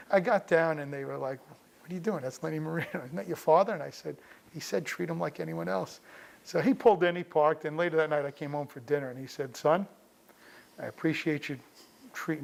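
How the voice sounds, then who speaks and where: A man's voice: fairly high pitch, fairly quick, creaky. A middle-aged man with a slightly raised voice tells stories about his father. He talks casually and anecdotally, often breaking off and restarting his sentences. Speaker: interviewee recalling his father. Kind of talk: personal storytelling.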